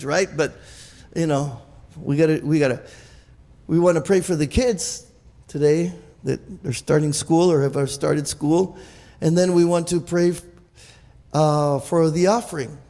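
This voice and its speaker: Male pastor, high and gravelly voice, animated sermon, hall reverb. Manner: animated, repeats words, calls for amens.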